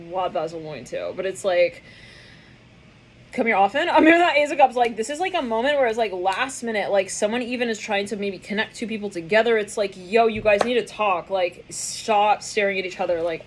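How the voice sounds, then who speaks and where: A woman with a medium-pitched voice gives a casual tarot reading, and there's a slight hiss or hum in the audio. She's excitable and laughs often, acting out the voices she says she hears.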